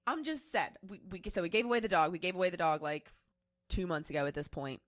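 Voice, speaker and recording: A woman in her twenties co-hosts a casual podcast and tells a personal story candidly, rambling and restarting as she goes. Her voice sits a little low. The sound is dry and close. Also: animated, fast talker, no room sound. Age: 20s. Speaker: podcast co-host.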